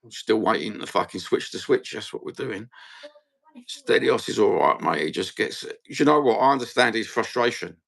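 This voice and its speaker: A man's voice: fairly low pitch, expressive, moderate pace, gravelly, fairly bright tone. A man with a Cockney accent hosting a casual fan livestream, blunt, sweary and rambling. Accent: London Cockney. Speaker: fan channel host.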